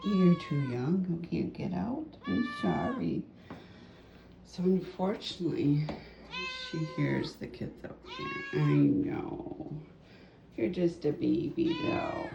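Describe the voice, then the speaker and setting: A middle-aged woman, a mother, chatting casually at home in a vlog and cooing softly to a kitten, often half-whispered. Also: a bass voice, creaky, muffled recording, noisy background. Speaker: mother and cat owner. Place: family home indoors.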